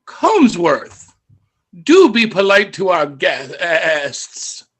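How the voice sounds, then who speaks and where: A man voicing a prim, polite male goat who scolds in a slow drawl in a tabletop game. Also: sits high, wildly swooping pitch, fairly bright tone, slightly rough, exaggerated voice. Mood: prim scolding. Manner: drawling, scolding, primly formal.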